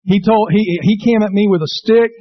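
A middle-aged man preaching with a high, bright-edged voice. He tells stories with humor and jumps into dramatic quoted voices. The sound is dry and a little dull. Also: moderate pace, husky, dry recording. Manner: lively storytelling preacher, acts out quotes in raised voice. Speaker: pastor. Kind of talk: sermon.

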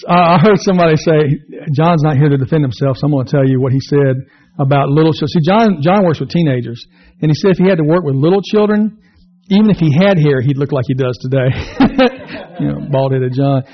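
A man's voice: on the high side, a little fast, lo-fi sound. A man preaching a sermon in a conversational, self-deprecating way, mixing jokes with scripture. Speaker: pastor.

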